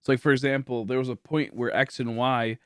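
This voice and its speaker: A man's voice: medium pitch, little pitch movement, a little fast, smooth, no echo, clean studio sound. A tired young man from Michigan chatting casually on a livestream, rambling with lots of fillers and restarts. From Michigan, USA. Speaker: livestream host.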